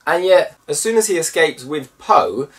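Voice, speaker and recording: Animated man reviewing a film. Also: a little high, moderate pace, distant mic. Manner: animated, mimics voices in bursts. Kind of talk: casual video review.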